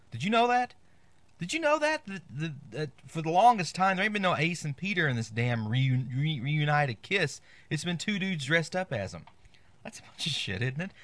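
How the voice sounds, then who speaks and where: A man's voice: medium pitch, a bit bright, dry recording. A man hosting a comic show, delivering a sarcastic, rambling, irreverent monologue. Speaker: podcast host.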